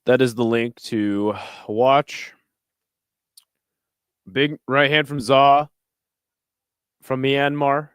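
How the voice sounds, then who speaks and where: A man's voice: mid-range voice, fairly even intonation, drawn-out words, pauses often, a bit bright, clear, resonant tone, no echo, clean studio sound. A tired man casually commentating a fight stream, joking and swearing as he greets viewers in chat. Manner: laid-back, profane, jokey asides to chat. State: tired, burping. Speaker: livestream fight watch-along host.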